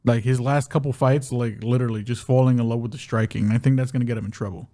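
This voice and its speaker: A man's voice: mid-range voice, fairly even intonation, quick pace, mellow. Easygoing man hedging his fight picks. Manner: loose and hedging, lots of "you know". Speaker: podcast co-host, betting analyst. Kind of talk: casual sports-betting chat.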